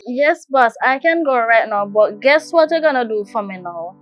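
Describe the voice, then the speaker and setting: A woman's voice: on the high side, lively intonation, normal speed, lo-fi sound, lightly acted. A woman with a Jamaican accent playing a scheming employee in a comedy skit, speaking playful patois and calling everyone boss.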